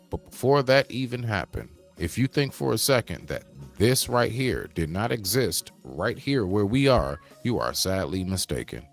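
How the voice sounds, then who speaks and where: A man's voice: lowish voice, lively intonation, normal speed, creaky, faint music behind. A man from the United States hosting a livestream, talking straight to his viewers and chat in a casual, preachy monologue. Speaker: livestream host.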